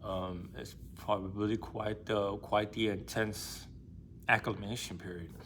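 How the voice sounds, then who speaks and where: A man's voice: on the low side, steady tone, a little slow, fairly bright tone, a little hiss or hum. A man retelling a classic novel for a book discussion channel, speaking loosely and rambling, with lots of fillers and casual slang.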